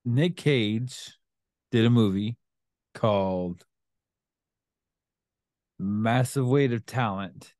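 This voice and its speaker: A man's voice: fairly low pitch, drawn-out words, pauses often, darkish tone, dry recording, studio quality. A middle-aged man co-hosting a casual father-and-son chat, laid-back and laughing often. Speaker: co-host, father.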